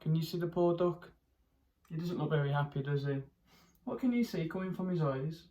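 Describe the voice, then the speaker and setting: In a medium-pitched voice, a primary school teacher performs a picture book for children, complete with animal noises and lively character voices. Along the way there are pauses to ask the young audience questions.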